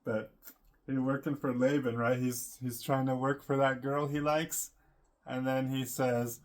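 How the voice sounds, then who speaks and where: A man talking to his camera in a loose, rambling way, with lots of filler words and quick laughs along the way. His voice sits at an ordinary middle pitch, and he sounds relaxed and unscripted. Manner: meandering, full of fillers, laughs often. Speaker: vlogger. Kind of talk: casual rambling monologue to camera.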